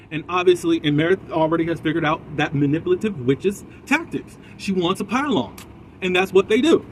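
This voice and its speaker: Man ranting through a show recap, fairly high voice, chatty and opinionated, sitting in a car. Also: lively intonation, brisk, a little hiss or hum. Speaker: reality TV recap host. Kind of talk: casual episode recap commentary.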